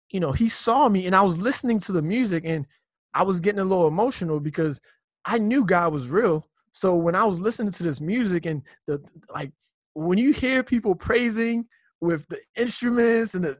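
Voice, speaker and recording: A young man from Nigeria telling his faith story in a casual conversation, animated, full of slang and repeated words. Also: sits high, no echo, clean studio sound. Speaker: guest. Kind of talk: personal testimony in casual conversation.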